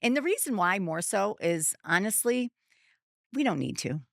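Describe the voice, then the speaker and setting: A woman's voice: medium pitch, sing-song, moderate pace, creaky, a bit bright, no room sound, studio quality. A middle-aged woman, a business founder talking casually as a guest, rambling with lots of fillers and restarts. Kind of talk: casual interview conversation.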